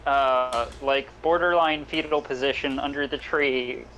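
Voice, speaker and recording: Slow man on a dull line. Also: medium pitch, fairly even intonation, bright, forceful tone, slight background noise. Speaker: player. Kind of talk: tabletop game chat.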